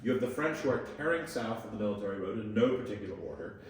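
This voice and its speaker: A man's voice: fairly low pitch, fast. Joking tour guide man, echoey and distant. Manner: lively, joking, asks the group questions. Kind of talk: guided tour talk to visitors. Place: historic fort, outdoors. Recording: echoey space, voice from a distance, faint noise.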